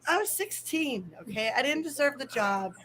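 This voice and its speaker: A woman's voice: high-pitched, very animated, normal speed, fairly bright tone, rough recording. Chatty, swearing woman on a live stream. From Chicago area. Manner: chatty, swearing, laughs often. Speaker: co-host of a live stream panel. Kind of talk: casual livestream chat.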